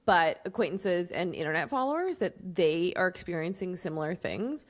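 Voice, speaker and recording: A woman's voice: lowish voice, lively intonation, normal speed. A woman co-hosting a podcast in casual chat, talking animatedly and laughing often. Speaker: podcast co-host.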